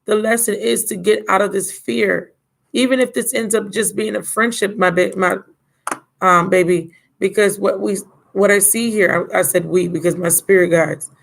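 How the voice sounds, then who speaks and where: A woman's voice: mid-range voice, steady tone, moderate pace, vocal fry, rough recording. A tired woman giving a casual, blunt tarot reading on a live stream, calling the viewer baby and my love. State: drained and yawning. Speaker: tarot reader.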